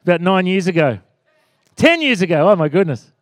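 Pastor in his forties, high voice, dry close sound, lively preaching with calls for amen. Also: a little fast, dry recording. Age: 40s. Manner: animated, rising to loud exclaims and calls for amen. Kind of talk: sermon.

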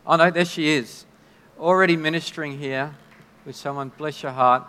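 A man preaching a sermon in a conversational, halting way, often restarting his sentences. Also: on the high side, steady tone, pushed and bright. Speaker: pastor. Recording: long hall reverb.

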